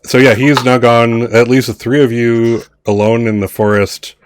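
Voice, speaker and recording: A man acts as game master for a tabletop horror game. His voice sits at an ordinary pitch, and he jokes and exclaims as he runs the scene. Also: fairly even intonation, moderate pace, slight background noise. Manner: joking, exclaiming.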